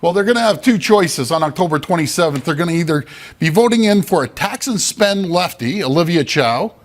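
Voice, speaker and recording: A man's voice: fairly high pitch, expressive. A man co-hosting a political talk show, speaking combatively and piling on rivals. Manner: combative, quick to pile on rivals.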